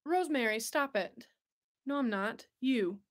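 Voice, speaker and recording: A woman's voice: on the high side, expressive, a little slow. A young woman hosting a casual livestream, bubbly and chatty, laughing often and answering viewers. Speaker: host.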